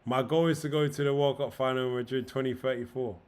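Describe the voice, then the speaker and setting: A man's voice: mid-range voice, steady tone, fast talker, few pauses, darkish tone, slight background noise. A young man chatting casually on a livestream, slangy, swearing freely and emotional. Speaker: streamer.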